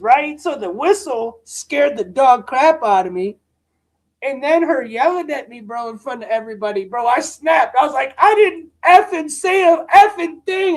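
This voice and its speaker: A man hosting a live stream, telling rambling stories with lots of swearing and slang. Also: very high-pitched. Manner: profane, slangy, rants full of "bro" and "dude". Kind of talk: casual rambling storytelling.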